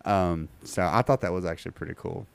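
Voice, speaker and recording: A man hosting a casual podcast, rambling with many ums and reading an article aloud haltingly. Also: low-pitched, creaky, smooth. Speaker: podcast host.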